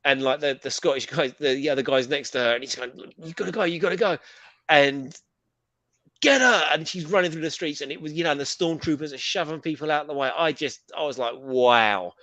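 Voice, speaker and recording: A British man co-hosting a casual pop culture chat, talking in a rambling, animated way with casual swearing. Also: on the high side, fast, hardly any pauses, no room sound. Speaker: co-host.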